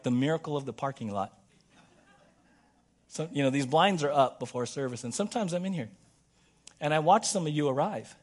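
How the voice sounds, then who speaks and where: Guy pastor preaching in church, high voice swinging all over, jokey and playful. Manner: animated, playful, acts out little scenes. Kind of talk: sermon. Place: church sanctuary.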